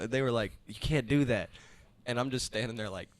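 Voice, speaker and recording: A man's voice: medium pitch, fast talker, a little mellow. Laid-back young man telling stories. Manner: laid-back, laughs often, swears, acts out others. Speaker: podcast co-host. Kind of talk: casual chat, storytelling.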